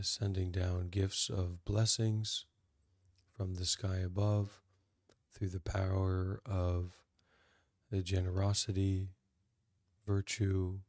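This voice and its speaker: A man talking as a meditation teacher, in a halting, deadpan way with dry irony. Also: low voice, dry recording. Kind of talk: casual spoken teaching.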